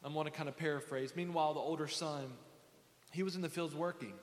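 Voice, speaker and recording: A man preaching a sermon in a church sanctuary, with a repetitive, impassioned cadence that swells into shouting. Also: on the high side, fairly even intonation, fast. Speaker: pastor. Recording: echoey hall with faint congregation.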